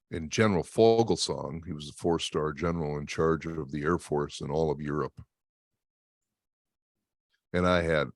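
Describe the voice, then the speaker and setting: Very low-voiced man telling a story. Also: dry recording, studio quality. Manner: emphatic and animated, laughs often. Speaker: interview guest and motivational speaker. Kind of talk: storytelling in an interview.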